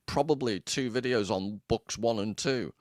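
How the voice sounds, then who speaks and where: A man's voice: on the low side, normal speed, no echo, studio quality. A man with an Irish accent co-hosting a casual literary discussion, wry and self-deprecating, prone to digressions. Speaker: podcast co-host.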